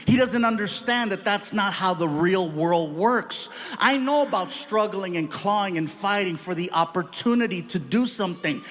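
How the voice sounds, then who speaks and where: High-voiced animated stand-up comic. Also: male voice, slight background noise. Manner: animated, punchy, shouts punchlines. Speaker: stand-up comedian. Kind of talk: stand-up storytelling.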